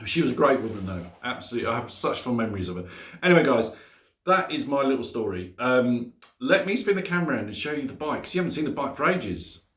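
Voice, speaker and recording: A man's voice: medium pitch, big pitch swings, fast, fairly bright tone, reverberant. A man, telling a story casually as a motorcycle vlogger in his home garage, chatty and laughing often.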